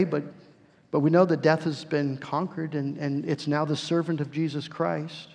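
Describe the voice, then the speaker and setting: A man preaching a sermon as pastor, earnest, slowing down and swelling his voice for emphasis, often repeating words. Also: fairly high pitch, gravelly, a little mellow. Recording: long hall reverb.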